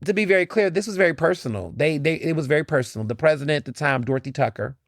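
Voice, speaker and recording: Podcast host, male, outspoken and animated, close dry mic, fairly high voice. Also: very fast, dry recording. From United States. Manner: animated, blunt and profane, with laughs. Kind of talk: casual opinion monologue.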